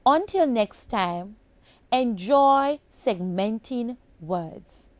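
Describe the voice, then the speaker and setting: A woman teaching a phonics lesson to children on broadcast television, speaking slowly and enunciating each sound with care. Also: a little high, expressive, slight background noise. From Jamaica. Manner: slow, deliberate, clearly enunciated.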